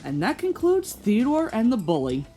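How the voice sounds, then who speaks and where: A woman's voice: fairly high pitch, huge pitch swings, moderate pace, music in the background. Earnest woman hosting a commentary. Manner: earnest, reflective. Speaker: host. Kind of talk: video commentary.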